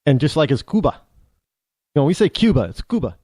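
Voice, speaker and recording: Rambling American man with a lively voice. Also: a little high, dry recording, studio quality. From United States. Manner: rambling, halting, with many restarts. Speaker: talk show host. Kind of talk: opinionated monologue.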